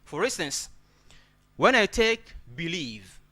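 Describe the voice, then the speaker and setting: A man's voice: high voice, sing-song, measured pace, bright, forceful tone. A man teaching an English pronunciation lesson, repeating words and checking in with "okay?" after nearly every point.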